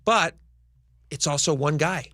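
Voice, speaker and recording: A man's voice: on the high side, unhurried, bright, forceful tone, no echo, studio quality. A man co-hosting a radio talk show, chatting casually about sports and asking his co-host questions. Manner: conversational, asks co-host questions.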